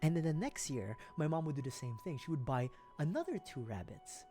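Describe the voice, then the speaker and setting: A man's voice: on the high side, sing-song, a little fast, mellow, soft background music. A man from the Philippines, streaming, telling a story casually, laughing often and swearing freely.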